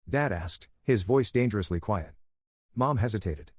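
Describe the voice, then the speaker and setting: A man narrating a first-person story in an even, plain reading voice on a close mic. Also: fairly low pitch, a little slow, husky, no echo.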